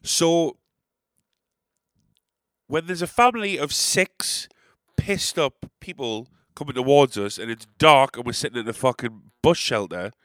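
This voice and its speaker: A young man with an English accent telling a long casual anecdote, rambling and animated, with frequent swearing and sarcastic asides. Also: medium pitch, measured pace, dry recording, clean studio sound. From England.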